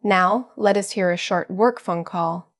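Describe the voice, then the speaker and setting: Clear, dry-voiced woman teaching English. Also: lowish voice, no room sound. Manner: slow, clear, evenly paced delivery. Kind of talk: scripted teaching narration.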